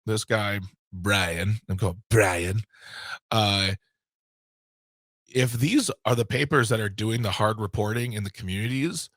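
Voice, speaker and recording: A man's voice: on the low side, normal speed, fairly bright tone, no echo. A man co-hosting a radio show from a studio, talking casually and passionately, rambling with fillers and restarts. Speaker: board operator and co-host. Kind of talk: casual talk radio chat. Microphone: studio microphone.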